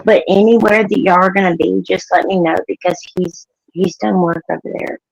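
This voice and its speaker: A woman's voice: on the low side, fairly even intonation, moderate pace, creaky, highs cut off. A woman, a guest in casual podcast chat, teasing and easygoing.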